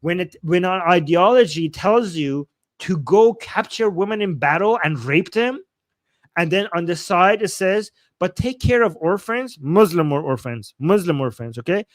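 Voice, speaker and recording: A man's voice: sits high, animated, normal speed, dry recording, clean studio sound. A young adult man from Iran with an Iranian accent, his first language Persian, hosting a livestream and answering viewer chats in heated, profane, mocking commentary. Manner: angry, profane, mocking, loud outbursts. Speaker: livestream host reading super chats.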